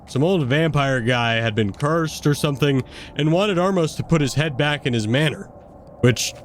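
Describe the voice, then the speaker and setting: A man, a tabletop game player, recapping the adventure in an excited, stumbling way with laughs. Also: fairly high pitch, slight background noise.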